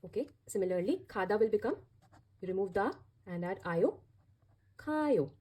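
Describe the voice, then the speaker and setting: A woman giving a language lesson in a warm, mellow voice with a breathy edge. She explains patiently and spells out every step, repeating key words so learners can follow. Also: medium pitch, expressive, brisk. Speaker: Korean language teacher.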